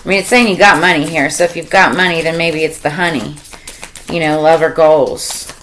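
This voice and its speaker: A woman with a low voice talks through a tarot reading. She meanders and thinks out loud, filling her pauses with ums and you-knows, in an easy, casual way. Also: steady tone, slight background noise, rough recording. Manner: meandering, thinks aloud with many fillers. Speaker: tarot reader.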